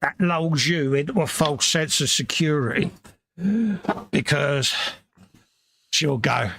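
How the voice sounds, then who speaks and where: A man with a London accent and a gravelly, fry-laden voice chats casually on a live stream. His tone is husky and a little rough, and he talks in easy, matey banter while he tidies up his workbench. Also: on the high side, takes it slowly, fairly bright tone. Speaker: livestream co-host.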